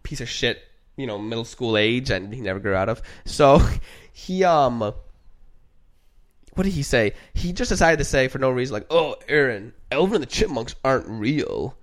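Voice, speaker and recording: A man's voice: medium pitch, expressive, normal speed. A young man co-hosting a podcast, telling stories in a casual chat and laughing often. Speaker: podcast co-host.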